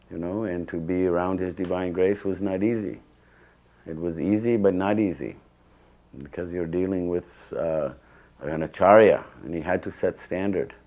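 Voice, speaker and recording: Low-voiced older man reminiscing earnestly. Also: dark tone. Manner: earnest, rambling storyteller, emphatic. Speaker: devotee recalling his teacher. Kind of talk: reminiscing interview.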